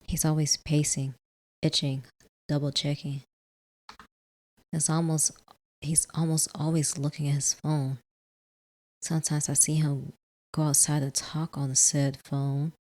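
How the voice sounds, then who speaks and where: A woman hosting a let's play, reading a visual novel in the first person, softly, with casual asides. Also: sits low, little pitch movement, measured pace, pauses often.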